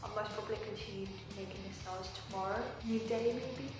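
A woman's voice: medium pitch, fairly even intonation, brisk, far from the mic. A woman vlogging her house renovation, talking anxiously and venting her frustration with frequent swearing. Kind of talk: casual vlog talk to camera. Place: house under renovation, indoors. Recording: very echoey empty room, from afar, with music.

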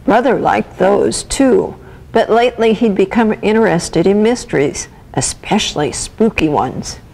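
A woman volunteer reading a children's picture book aloud with gentle, expressive storytelling. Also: medium pitch, unhurried, vocal fry, rough recording. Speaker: volunteer reader.

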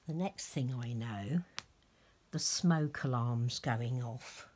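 A middle-aged woman with a low, husky voice tells a long, rambling story at an unhurried pace. She chats casually, now and then dropping into soft whispered asides. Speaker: vlogger dressing a reborn doll. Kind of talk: casual storytelling while dressing a doll.

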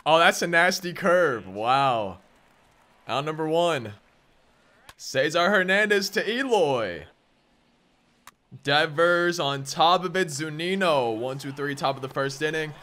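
A young man giving excited gameplay commentary as a gaming channel host, often repeating himself and breaking into loud exclamations. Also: fairly high pitch, slow pace, pauses often. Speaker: gaming YouTuber.

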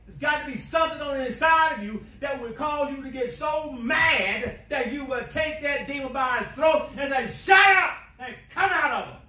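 A man preaching a sermon, emphatic, swinging between quiet asides and shouting. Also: extremely high pitch, moderate pace, few pauses. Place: church sanctuary. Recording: echoey church from a distance, faint hiss.

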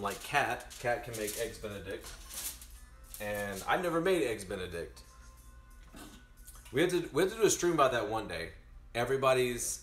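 A man chatting casually to his stream while baking, rambling and animated. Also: fairly low pitch, echoey room.

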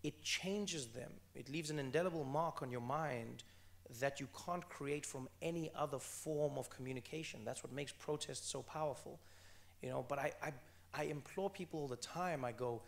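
Gravelly South African man, earnest. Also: mid-range voice, moderate pace. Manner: earnest and emphatic, repeats phrases for stress. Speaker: author guest at a book event. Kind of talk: onstage conversation.

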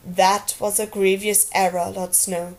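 A woman reading aloud and voicing a cruel older knight who speaks in a slow, acid sneer. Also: a little high, lightly acted. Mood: cold.

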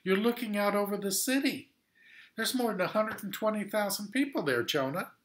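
God reasons with a stubborn prophet in a firm, rebuking voice, as a man puts him on. The pitch is lifted, and the lines build through emphatic repetition. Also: animated, normal speed. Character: God, rebuking and patient fatherly voice.

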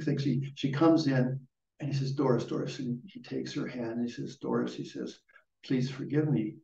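A man's voice: medium pitch, vocal fry, a little mellow. An older man, a Buddhist lama, giving a rambling dharma talk with a story, often restarting his sentences. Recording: dull, echoey room from far off.

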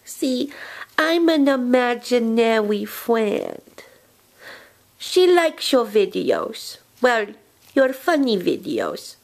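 Woman playing a childlike under-the-bed monster friend, creepy comic monologue: high, unhurried, drifting whispers. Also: sing-song, vocal fry, darkish tone, exaggerated voice. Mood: eerie dreamy. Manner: slow, dreamy, drifting into whispers.

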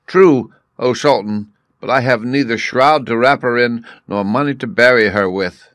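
A man's voice: medium pitch, normal speed, a bit bright, no room sound, studio quality, voice pushed up, natural voice. A man reading a story aloud, voicing a scheming, penniless male court jester in a pleading, eager way. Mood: mock grief.

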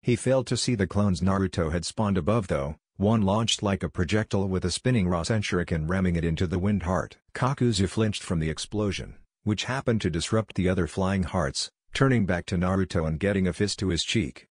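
A man narrating a fan-fiction story in a steady, descriptive read. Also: low voice, a little fast, hardly any pauses, husky, no echo, clean studio sound.

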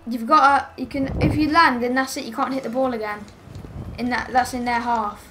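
A woman's voice: on the high side, fairly even intonation, moderate pace, sharp tone, faint music behind. A woman streaming a game live, chatting with teammates and getting exasperated with one player. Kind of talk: live gameplay commentary.

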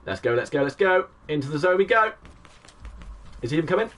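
A young man, giving excitable play-by-play commentary on his live game stream and greeting chat viewers. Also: on the high side, fast, far from the mic. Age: 20s.

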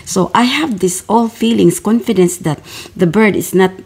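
A woman's voice: medium pitch, moderate pace, darkish tone, husky. A woman telling a personal spiritual story in a fervent, repetitive way, calling her listeners beloveds. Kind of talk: personal testimony narration.

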